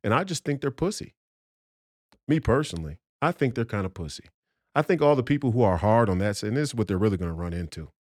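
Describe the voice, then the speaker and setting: A man's voice: fairly low pitch, big pitch swings, fast talker, no room sound. A man talking as a podcast guest in a heated, profane rant, emphatic and combative, often restarting his sentences.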